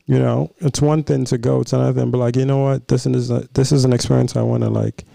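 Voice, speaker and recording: Man, young adult, from Nigeria, podcast co-host, casual chat, gravelly, dry close mic. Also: mid-range voice, flat delivery, fast, mellow, no echo. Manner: laid-back, joking, rambling with fillers.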